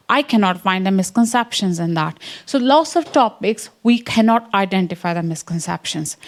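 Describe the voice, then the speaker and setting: A woman from the English Midlands with an Indian accent, a science education researcher presenting to a room and checking in with her listeners. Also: fairly high pitch. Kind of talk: academic talk with slides.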